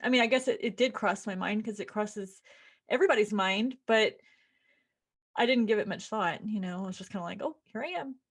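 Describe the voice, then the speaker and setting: A woman's voice: medium pitch, a little fast. A middle-aged woman podcast co-host and author, telling stories in casual chat and acting out what people said. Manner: chatty storyteller, acts out quotes in voices.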